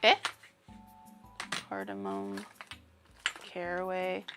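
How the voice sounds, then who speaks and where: A woman streamer chatting casually while she cooks, rambling and breaking into animated mock-outraged rants. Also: on the low side, very slow, over loud music. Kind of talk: casual livestream chat while cooking.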